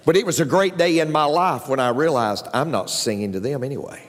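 A man preaching a sermon as pastor, joking with the congregation and jumping up in pitch for emphasis. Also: a little fast, a little hiss or hum. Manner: animated preaching with jokes, voice leaping up in pitch. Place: church sanctuary. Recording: long reverb of a large hall.

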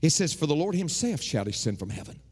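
A man from the United States preaching a sermon, animated and folksy, with jokes and repeated refrains. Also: fairly high pitch, fast, breathy edge, in a large hall. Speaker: pastor.

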